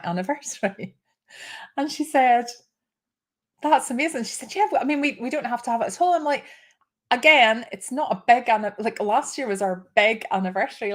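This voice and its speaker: Host, woman in her fifties, chatty and heartfelt, mid-pitched, casual live talk. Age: 50s. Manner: chatty and emotional, with frequent laughs and restarts.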